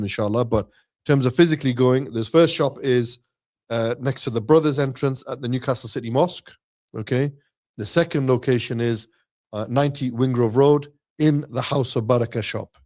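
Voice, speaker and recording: A man co-hosting an Islamic live stream in casual chat, giving upbeat sponsor shout-outs. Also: medium pitch.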